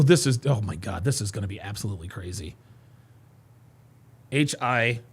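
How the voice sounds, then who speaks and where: Excitable man with a gravelly, bright voice. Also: high voice. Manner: excitable, laughing often, loud bursts of exclamation. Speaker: podcast host. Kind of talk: livestream chat reading viewer comments.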